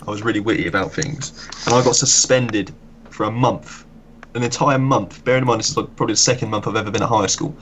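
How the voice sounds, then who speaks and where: A man's voice: fairly low pitch, fairly even intonation, fast, a bit bright, slight background noise. A young man chatting casually, swearing and laughing at his own school stories. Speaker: streamer. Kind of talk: casual chat.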